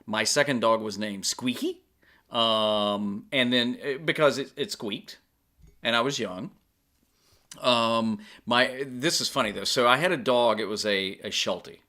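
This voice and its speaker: A man's voice: medium pitch, a little slow. A man co-hosting a podcast in casual chat, telling stories in a playful, jokey way. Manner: animated storyteller, playful and jokey. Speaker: podcast co-host.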